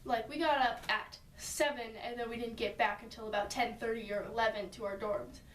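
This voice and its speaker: A woman's voice: fairly high pitch, steady tone, fairly quick, fairly bright tone, far from the mic, slight background noise. A woman telling a friend a story in a casual, rambling way, full of "like" and "and so" asides. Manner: chatty, rambling with many "like" and "and so" asides. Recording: roomy sound from away from the mic.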